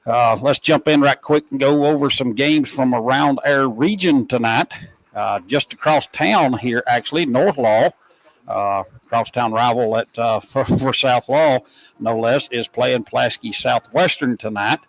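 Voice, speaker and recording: A man calling a high school football game play by play, folksy and excitable. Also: measured pace, dry recording, low-quality recording. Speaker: play-by-play announcer.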